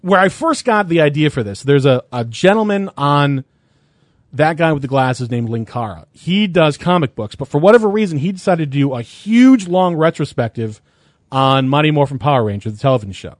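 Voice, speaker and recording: A man's voice: on the high side, lively intonation, a little fast, no room sound. A man in a casual podcast chat, rambling with frequent restarts and laughter. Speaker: podcast co-host.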